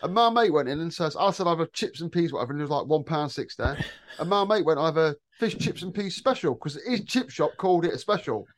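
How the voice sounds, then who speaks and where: A man from England with a fast, high-leaning voice is an electrician in his thirties co-hosting a casual podcast. He's a lively storyteller, telling funny stories, swearing, and laughing often.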